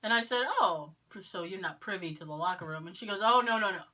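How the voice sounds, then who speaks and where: Podcast co-host, woman from Massachusetts, clear bright tone, a storyteller who acts out the other voices. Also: on the low side, fast talker. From Massachusetts, near Cape Cod. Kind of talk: casual chat.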